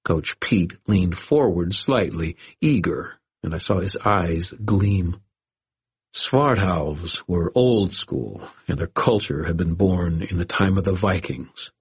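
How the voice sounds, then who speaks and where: A man reads a first-person story in a very deep, husky voice, steady and dry with a wry edge. The recording is dull and lo-fi. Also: slow. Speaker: audiobook narrator. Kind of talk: scripted first-person narration. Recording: dull lo-fi audio.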